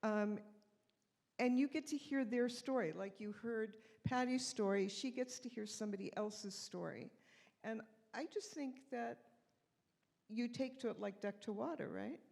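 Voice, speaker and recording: A woman's voice: on the high side, a little slow, gravelly, a little mellow. Woman interviewer in a reverberant hall. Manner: conversational, tag questions. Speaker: radio host as interviewer. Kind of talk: onstage conversation. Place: large hall with an audience.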